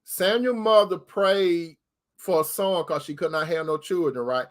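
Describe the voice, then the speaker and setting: A man's voice: a little high, a little slow. A man preaching informally to online viewers, folksy and repetitive, speaking straight to his listeners. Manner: folksy, repeats phrases for emphasis, addresses listeners directly.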